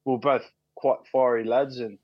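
A man's voice: medium pitch, fairly even intonation, unhurried, no echo. Laid-back Australian man, dull dry sound. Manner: laid-back, frequent fillers and restarts, swears freely. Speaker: podcast guest, rugby league player. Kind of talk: casual chat, storytelling.

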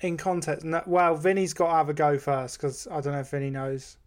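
A man's voice: fairly high pitch, little pitch movement, fairly quick. A man hosting a comedy podcast with an English accent, playful and giggly, leading a guessing game. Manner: playful, giggly, slips into impressions. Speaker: podcast host. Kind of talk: casual comedy chat with impressions.

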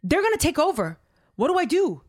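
A woman's voice: extremely high pitch, very animated, brisk, voice pushed up. A worried, pushy king, as a woman puts him on, raising his voice a little and pressing for answers. He talks in casual slang, urgent and insistent. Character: anxious, pushy ancient male king.

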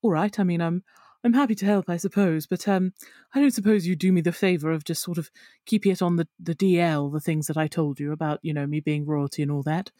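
A woman's voice: fairly low pitch, fairly even intonation, fast, warm tone, no room sound, studio quality, lightly acted. A woman voicing an awkward young male sea elf of royal birth, polite and rambling. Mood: nervous.

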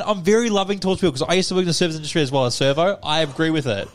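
A man's voice: fairly high pitch, very fast. A young Australian man telling a story on a casual podcast, swearing freely and acting out other people's lines as he rants. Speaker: podcast co-host.

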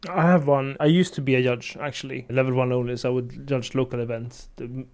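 Brisk and mid-range, a man hosts a casual podcast chat, telling stories animatedly and laughing often.

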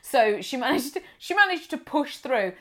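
A woman co-hosting a chatty podcast, telling a story with gushing enthusiasm. Her voice sits high. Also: big pitch swings, normal speed. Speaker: podcast co-host. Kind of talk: casual chat.

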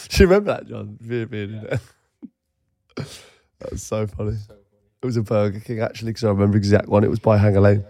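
A man's voice: lowish voice, brisk, pauses often, warm tone. A man co-hosting a casual podcast, joking around and laughing as he questions his co-host. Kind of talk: casual chat.

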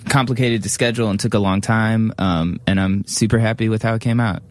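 A man's voice: on the low side, fairly even intonation, fairly quick, faint music behind. A man co-hosting a podcast, agreeing and giving friendly thanks in casual chat. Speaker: podcast co-host.

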